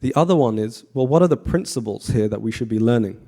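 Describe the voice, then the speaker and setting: A man with a very dark, mellow voice gives a relaxed devotional class in a temple. He talks conversationally and keeps turning to the audience with questions. His pitch is average for a man. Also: fast. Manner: frequent fillers and restarts, relaxed.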